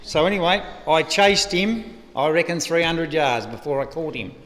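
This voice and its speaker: An Australian man with a fairly high-pitched voice delivers a eulogy at a lectern microphone. He spins a loose, humorous yarn. His voice rings with long reverb in a funeral hall. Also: lively intonation, normal speed, fairly bright tone. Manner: rambling, humorous yarn-spinning. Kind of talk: eulogy anecdote. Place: funeral service venue.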